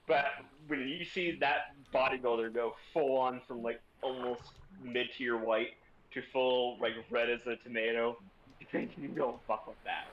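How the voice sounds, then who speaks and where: A man's voice: medium pitch, steady tone, a little slow, fairly bright tone, lo-fi sound, a little hiss or hum. A young man, a streamer, casually telling a rambling story and swearing freely.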